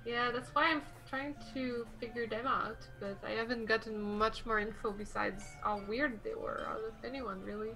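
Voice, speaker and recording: High, bright-voiced woman playing a tabletop game. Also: steady tone, normal speed, hardly any pauses, faint music behind, poor audio. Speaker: player. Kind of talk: tabletop role-play.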